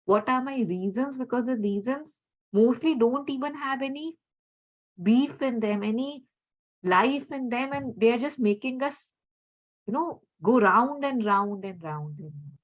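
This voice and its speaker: A woman talks reflectively and conversationally, gently searching for words and often saying "you know" as she explains. Her voice is a little high and animated, her pace unhurried, and the audio is poor.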